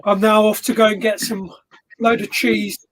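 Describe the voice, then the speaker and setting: Man, very high voice, podcast host, cheeky banter. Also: little pitch movement, moderate pace, a bit bright. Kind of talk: casual live podcast chat.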